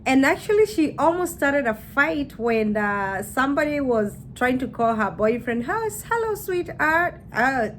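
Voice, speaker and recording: A woman's voice: high voice, a little hiss or hum. Chatty woman vlogger. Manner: chatty, laughing, acts out quotes. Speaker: YouTuber. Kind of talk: casual chat to camera.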